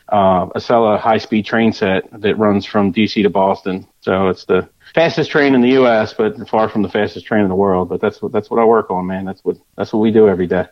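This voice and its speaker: A man's voice: lowish voice, no echo, muffled recording. A man in his early forties from Delaware, answering interview questions in an easygoing way with many fillers. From Delaware, USA. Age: 40s. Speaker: guest. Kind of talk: casual interview.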